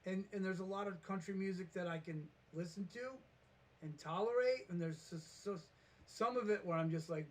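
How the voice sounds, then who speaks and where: A man with a fairly high voice talks off the cuff in a vlog. He rambles, trips over his starts and throws himself into acting out every back-and-forth. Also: normal speed. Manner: rambling, animated, restarts and acts out quotes. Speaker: vlogger. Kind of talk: casual storytelling monologue.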